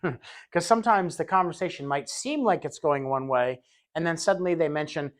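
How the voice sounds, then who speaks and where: A man's voice: on the high side, animated, fairly quick. Chatty male trainer acting out scenes. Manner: conversational, acts out little scenes in quoted voices; repeats words when restarting. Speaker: healthcare aide trainer. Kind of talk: recorded training lecture.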